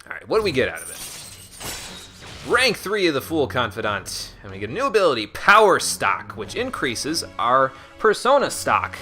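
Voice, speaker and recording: A man's voice: mid-range voice, huge pitch swings, normal speed, bright, forceful tone. A man casually commentating as he plays a game, joking sarcastically at the characters. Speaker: streamer playing a game. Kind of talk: casual let's-play commentary. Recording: voice over game music.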